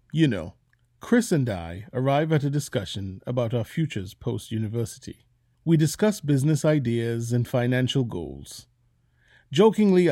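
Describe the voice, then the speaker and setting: A man hosting a podcast, reading a scripted narration in a measured, reflective storytelling manner. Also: mid-range voice, dark tone, no echo, studio quality. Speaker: podcast host.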